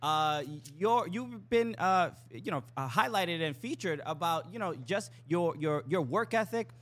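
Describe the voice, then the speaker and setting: A man's voice: high voice, expressive, measured pace, soft background music. A man in his thirties co-hosting a sports podcast, talking casually with many hesitant restarts. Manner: hesitant, lots of restarts and fillers. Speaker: podcast co-host.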